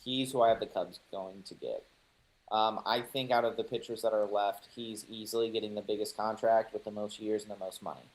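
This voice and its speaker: Opinionated low-voiced male podcast host. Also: fairly even intonation, fairly quick, rough recording. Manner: confident, opinionated, joking. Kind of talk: casual sports chat.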